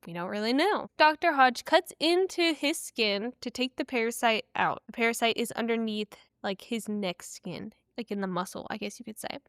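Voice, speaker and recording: Young woman podcast host, slightly high and smooth voice, casual slangy recap with strong opinions. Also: normal speed, few pauses, a bit bright, no echo, studio quality. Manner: chatty, opinionated, slangy retelling.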